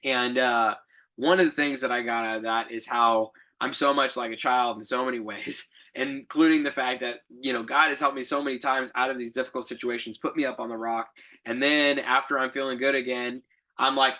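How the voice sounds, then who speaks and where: Young guy podcasting, bright forceful voice, rambly and reflective, laughs a bit. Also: medium pitch, fairly even intonation, a little fast. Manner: rambling, reflective, with fillers and self-corrections; laughs lightly while telling stories. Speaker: podcast co-host. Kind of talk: casual storytelling monologue.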